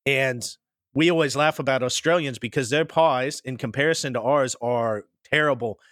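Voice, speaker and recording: A man's voice: mid-range voice, moderate pace, fairly bright tone, no echo, clean studio sound. A man from New Zealand with a New Zealand accent, telling stories as an interview guest in a rambling, anecdotal way. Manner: rambling, anecdotal, with many restarts. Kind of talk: casual interview chat.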